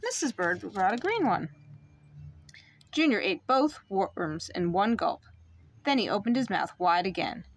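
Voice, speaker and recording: A young mother reading a picture book aloud to her child, in an expressive, sing-song way. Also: medium pitch, measured pace, pauses often, no echo.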